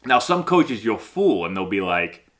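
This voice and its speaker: Chatty bright-voiced man giving baseball advice. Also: fairly low pitch, very animated, measured pace. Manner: chatty, acts out player and coach voices. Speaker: baseball coach. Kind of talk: casual instructional talk to camera.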